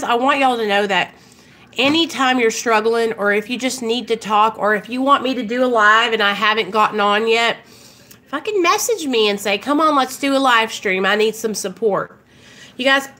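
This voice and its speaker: Candid woman, bright voice. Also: fairly high pitch. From Arkansas, US. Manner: emotional, candid, talks to viewers directly with frequent fillers and swearing. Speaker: recovery vlogger hosting a live stream. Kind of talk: casual live stream chat.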